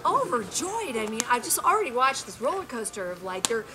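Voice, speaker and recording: A woman telling a personal anecdote to a group in an animated, self-mocking way. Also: on the high side, brisk. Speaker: storyteller.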